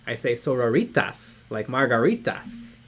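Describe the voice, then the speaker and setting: Lively chatty stream co-host. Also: mid-range voice, moderate pace, slight background noise. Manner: chatty, reads out viewer comments and laughs often. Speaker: live stream co-host reading viewer chat. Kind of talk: casual chat while painting miniatures.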